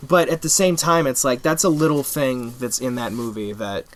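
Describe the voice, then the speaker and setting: A young man co-hosting a casual movie podcast, with an average-pitched voice. He chimes in with short, dry, joking remarks. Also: fairly even intonation, moderate pace. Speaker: podcast co-host.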